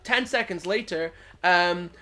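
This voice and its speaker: A man's voice: high-pitched, slow, bright, forceful tone. A man co-hosting a podcast, telling a tabletop game story in casual chat with a rambling, self-mocking delivery. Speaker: podcast co-host. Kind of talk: casual chat while gaming.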